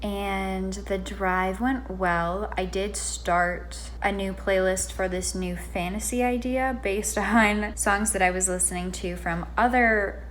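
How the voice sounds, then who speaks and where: A woman vlogging about her writing, thinking out loud in a rambling, musing way with lots of fillers. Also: medium pitch, steady tone, slow, few pauses, slight background noise. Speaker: writer and vlogger. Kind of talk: chatty writing vlog, thinking aloud.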